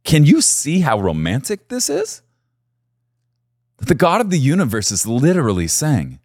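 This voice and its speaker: A man preaching a sermon, animated and repeating key phrases for emphasis. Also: on the high side, normal speed, breathy edge, no room sound, clean studio sound. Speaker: pastor.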